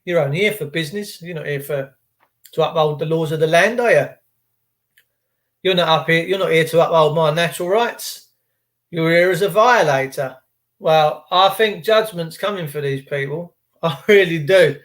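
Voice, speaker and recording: High-pitched British man ranting. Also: normal speed, a bit bright. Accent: British English. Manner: heated, emphatic and repetitive. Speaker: host. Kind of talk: monologue rant to camera.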